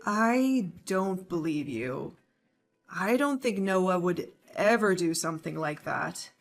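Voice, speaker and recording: A woman voicing a calm, pregnant young wife who answers her sister-in-law with dry sarcasm, in a dramatized story. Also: on the low side, slow, vocal fry, soft background music, exaggerated voice. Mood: disbelieving. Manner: cool, composed, dryly sarcastic. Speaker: voice actor.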